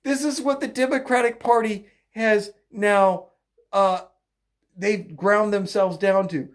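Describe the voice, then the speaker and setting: A political commentator ranting mockingly in a solo video, breaking into laughter often. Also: mid-range voice.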